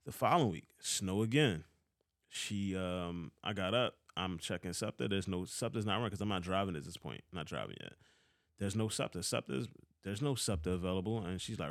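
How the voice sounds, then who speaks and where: A man's voice: deep voice, lively intonation, a little fast, no echo, studio quality. A man in his thirties with a Philadelphia accent, telling a heated, profane story about a past boss in a casual vlog. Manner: profane, heated, swears often. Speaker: vlogger.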